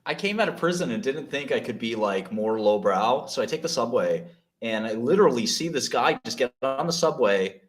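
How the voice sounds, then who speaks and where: A man's voice: medium pitch, lively intonation, fairly quick, few pauses. A man in casual podcast chat, rambling with many fillers, swearing and laughing as he tells stories. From New York. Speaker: guest.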